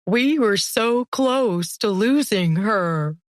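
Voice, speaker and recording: A wailing, soft-hearted male Cerberus head, slow and close to tears, as a woman narrator puts him on. Dry, close sound. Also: medium pitch, no echo, close to an everyday voice. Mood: tearful.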